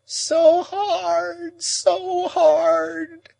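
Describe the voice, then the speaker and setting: A man's voice: extremely high pitch, very animated, slow pace, a little mellow, no room sound, voice pushed up, full character voice. A man playing a shrieking, anguished old woman. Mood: moaning. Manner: moaning, wailing, overwrought.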